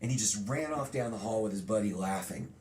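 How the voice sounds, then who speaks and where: A middle-aged man being interviewed, telling a childhood story in a lively storytelling way and acting out remembered lines. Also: lowish voice, fairly quick. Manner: animated storyteller, acts out quotes. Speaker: guest.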